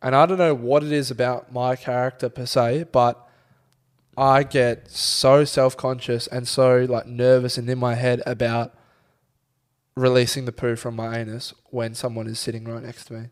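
A man's voice: medium pitch, flat delivery, moderate pace. Young guy co-host, crude, chatty storyteller, swears a lot. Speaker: podcast co-host. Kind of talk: casual chat.

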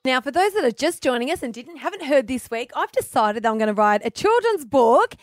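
A woman's voice: high-pitched, very animated, fairly quick. A woman co-hosting breakfast radio, telling a story in a chatty, laughing way. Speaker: radio co-host. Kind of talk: casual breakfast radio chat.

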